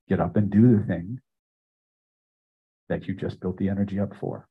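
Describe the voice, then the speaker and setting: An older man teaching a live self-help seminar, speaking emphatically and building phrases up loud before dropping to a hush. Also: fairly low pitch, normal speed, long pauses, husky, dull audio. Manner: emphatic, builds repeated phrases to loud peaks then drops quiet. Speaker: hypnosis and self-help trainer. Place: seminar room with audience.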